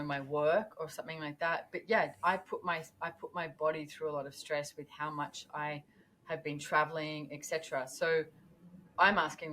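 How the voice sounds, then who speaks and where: A woman talking as a podcast guest in a casual, animated way, acting out her own thoughts as she goes. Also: low voice, slight background noise. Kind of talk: casual conversational interview.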